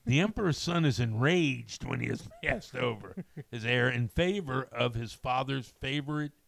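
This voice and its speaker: A man's voice: medium pitch, lively intonation, normal speed, vocal fry, a bit bright. A middle-aged man hosting a casual movie chat, rambling with many ums and restarts. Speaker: podcast host.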